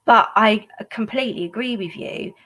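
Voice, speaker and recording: A woman's voice: fairly high pitch, moderate pace, pushed and bright. A woman guest on a casual football fan chat, speaking emphatically and laughing often.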